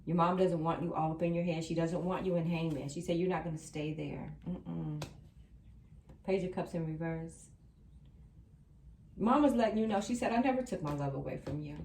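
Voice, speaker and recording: A woman's voice: low-pitched, moderate pace, a little mellow, slight background noise. A woman doing a tarot reading for viewers, reassuring and emphatic, repeating her key lines. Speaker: tarot reader. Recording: roomy sound from a distant mic.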